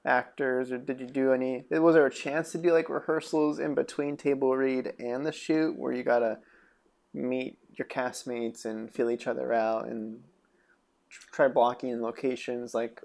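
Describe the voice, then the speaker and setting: Gravelly-voiced man hosting a podcast. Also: medium pitch, flat delivery, normal speed, a little mellow. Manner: asks long multi-part questions. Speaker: podcast host. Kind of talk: casual interview conversation.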